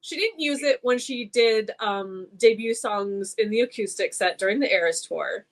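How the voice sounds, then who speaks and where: A woman's voice: medium pitch, normal speed. A woman co-hosting a fan podcast, chatting casually and enthusiastically. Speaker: podcast co-host.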